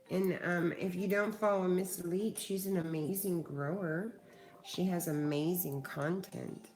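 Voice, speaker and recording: A woman's voice: on the low side, darkish tone. A middle-aged woman hosting a casual livestream, chatting with viewers and swearing freely. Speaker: livestream host.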